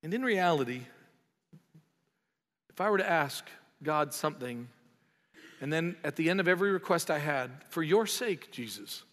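Male pastor, high-pitched, impassioned sermon delivery, big reverberant hall. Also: animated, normal speed, long pauses. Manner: impassioned, swells loud on emphatic lines then drops quiet.

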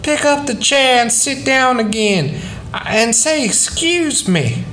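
A man's voice: very high voice, animated, takes it slowly, bright, forceful tone, a little hiss or hum, voice pushed up, heavily acted, poor audio. A man reading a story aloud, voicing a firm, superstitious mother in a raised motherly voice.

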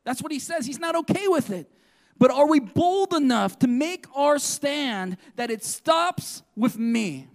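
A man's voice: extremely high pitch, expressive, a little slow. A male pastor preaching a sermon in an earnest way, often putting questions to the congregation.

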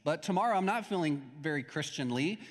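A young man delivers a sermon in an easy, conversational way, dropping into stories as he goes. His voice sits a little high for a man. A long hall reverb trails behind every phrase. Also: expressive, brisk. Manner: conversational preaching with anecdotes and acted-out quotes. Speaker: pastor.

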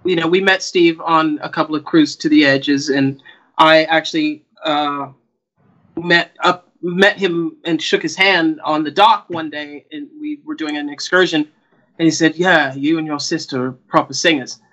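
A man who is a singer, recounting a story in a relaxed, meandering way during casual chat. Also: fairly high pitch, a little slow, muffled recording.

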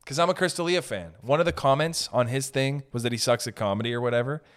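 A young man ranting in a profane, animated way during casual podcast chat. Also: mid-range voice, quick pace. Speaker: podcast host.

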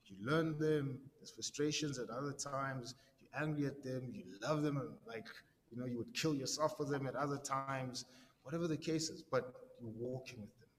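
A man's voice: mid-range voice, normal speed, slight background noise. Man preaching casually in a reverberant hall. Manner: conversational and slangy, constant "right?" tags, stammered repeats. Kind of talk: casual sermon.

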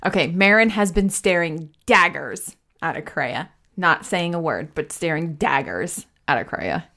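A woman's voice: fairly low pitch, expressive, unhurried, sharp tone. Woman casually describing her character. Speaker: player. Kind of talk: tabletop game play.

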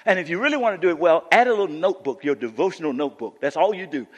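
A man preaching a sermon as pastor, animated and sometimes rising to near shouts. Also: on the high side, rapid-fire, lo-fi sound. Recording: long church-hall reverb.

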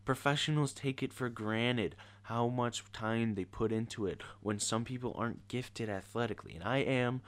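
A man's voice: medium pitch, moderate pace, few pauses. A teenage boy ranting casually in an exasperated, sarcastic way. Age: teens. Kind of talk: casual rant to camera.

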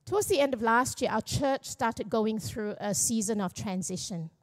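A woman's voice: a little high, moderate pace. Candid, joking middle-aged woman pastor. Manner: candid, self-deprecating and joking. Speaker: young adults pastor. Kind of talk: personal testimony sermon. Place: church.

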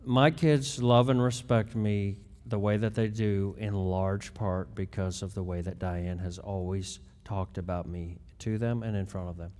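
A middle-aged man co-hosting, talking in a deliberate way with halting restarts. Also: lowish voice, fairly even intonation, darkish tone, in a large hall. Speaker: co-host, husband. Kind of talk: casual chat.

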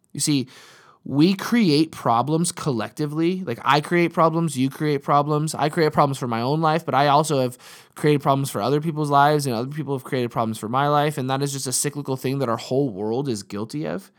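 A man's voice: mid-range voice, a little fast. A man in his thirties, a pastor and father, preaching a sermon in a conversational, storytelling way and repeating key lines for emphasis.

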